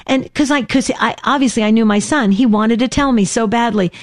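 A talk-show co-host, a woman in her fifties, telling a heartfelt story. Her voice sits a little high and she acts out the people she quotes. The sound is dry and close, with no room around it. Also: a little fast, few pauses, dry recording.

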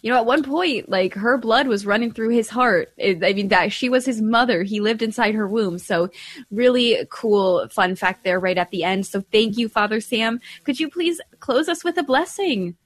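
A woman's voice: a little high, normal speed, no room sound. A woman hosting a radio talk show, chatty and upbeat as she thanks guests and listeners.

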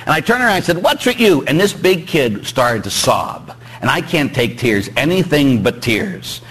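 Lively animated priest preaching. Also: male voice, normal speed, slightly rough, low-quality recording. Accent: Pittsburgh. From Pittsburgh. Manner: animated, joking with congregation, rising emphatic pitch. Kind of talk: sermon. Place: church.

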